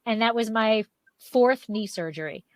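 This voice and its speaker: Higher-voiced woman, chatty co-host. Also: a little slow, dry recording. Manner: chatty, laughs easily while telling stories. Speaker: podcast co-host. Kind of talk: casual interview chat.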